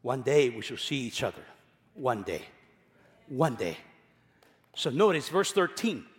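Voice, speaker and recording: A male pastor preaching a sermon, emphatic, repeating key phrases and swinging between loud passages and quiet ones. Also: mid-range voice, sing-song, unhurried, big-room sound.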